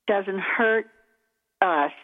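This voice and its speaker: A woman from Texas, a speech coach guest on a radio talk show, speaking in an emphatic, animated way. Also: mid-range voice, very slow, narrow, tinny audio. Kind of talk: radio interview.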